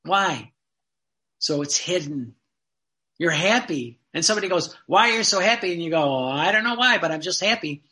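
Fervent preacher with a bright, forceful voice. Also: medium pitch, lively intonation. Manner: earnest and fervent, slows down to read quoted passages. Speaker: religious teacher. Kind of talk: sermon-style teaching with read-aloud passages.

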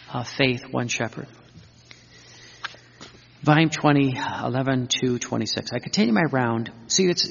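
Gravelly husky guy preaching, earnest and repetitive, dull lo-fi sound with hall echo. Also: mid-range voice, a bit bright. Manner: earnest, repetitive, quotes scripture. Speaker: religious teacher. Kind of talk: sermon-style teaching.

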